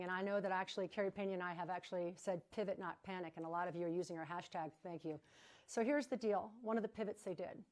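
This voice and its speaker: A woman hosting a live fundraising broadcast with an energetic, emphatic delivery. She talks off the cuff in a chatty way, at a mid-range pitch. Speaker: fundraising gala host.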